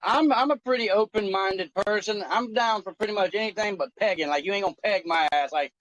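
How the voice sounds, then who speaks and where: High-voiced animated man telling a crude story. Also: fairly quick, no room sound, low-quality recording. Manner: animated storytelling, profane and joking. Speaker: co-host. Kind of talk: casual chat.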